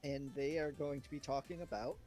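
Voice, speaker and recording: Brief: laid-back male co-host, warm dark tone, lively pitch, music underneath. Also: brisk. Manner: easygoing, offhand, dry asides. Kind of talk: casual chat while playing a wrestling booking game. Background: soft background music.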